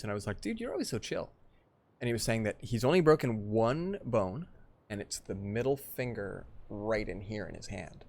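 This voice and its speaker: A man streaming a strategy game live, chatting casually with viewers and telling rambling stories. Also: fairly low pitch.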